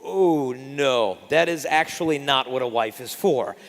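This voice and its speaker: A young man giving a faith talk to an audience, telling stories with animated, self-deprecating humor. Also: medium pitch, measured pace. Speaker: speaker. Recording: long reverb of a big hall.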